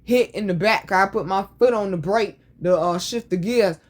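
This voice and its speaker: A woman's voice: mid-range voice, moderate pace. A woman hosting a casual show, telling stories in a blunt, profane, sassy way. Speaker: podcast host. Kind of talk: casual storytelling chat.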